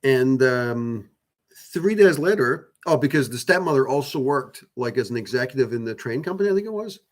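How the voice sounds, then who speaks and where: A man with a mid-range voice, lively intonation and a normal speaking speed hosts a channel on spiritual topics. He chats at length with viewers in a rambling, casual way, dropping many fillers, restarting often and swearing casually.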